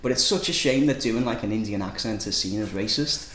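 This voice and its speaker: A middle-aged man, chatting quietly and loosely as a comedian guest. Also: on the low side, fairly quick, echoey room, slight background noise. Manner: quiet, mumbly, laid-back banter. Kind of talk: casual podcast chat.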